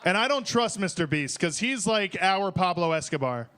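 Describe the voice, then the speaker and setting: A young man from Detroit doing a profane, excitable, rambling stand-up set on stage at a small bar open mic. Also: sits high, normal speed.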